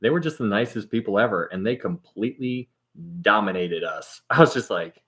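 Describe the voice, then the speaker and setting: Man, livestream host, low-pitched, rambling casual chat, frequent laughter. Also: lively intonation, a little fast, fairly bright tone. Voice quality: rambling, laughs often, trails off mid-sentence. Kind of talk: casual chat reading viewer comments.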